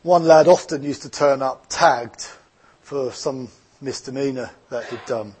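A man's voice: mid-range voice, measured pace, slightly rough. A man with an Essex English accent preaching a sermon as a pastor, earnest and reflective, mixing scripture with personal stories.

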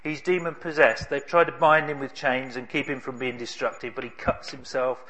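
Man, preacher, sermon, bright forceful tone, emphatic storytelling. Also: medium pitch, little pitch movement. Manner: storytelling, emphatic with dramatic pauses.

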